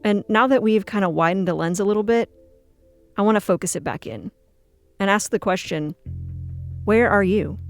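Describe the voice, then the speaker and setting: A podcast host giving calm, reflective scripted narration and speaking directly to listeners. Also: medium pitch, normal speed, long pauses, soft background music.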